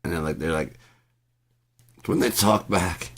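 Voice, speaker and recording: A man's voice: deep voice, measured pace, fairly bright tone. A man doing a rambling, profane vlog monologue, rehearsing an angry argument aloud with many restarts. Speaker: vlogger.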